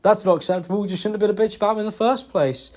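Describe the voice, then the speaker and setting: A young man with a high-sitting, darkish voice apologises to his partner in a private conversation. He sounds halting and remorseful, stumbling over fillers and swearing.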